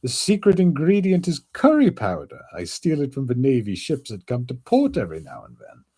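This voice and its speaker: A man's voice: mid-range voice, huge pitch swings, a little fast, mellow, slightly rough, pitched above the performer's own voice. A man reading aloud as a cheerful young male musician, doing an English accent and calling everyone bro. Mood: cheery friendly. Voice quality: upbeat, laughing, calls everyone bro. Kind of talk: reading manga lines aloud.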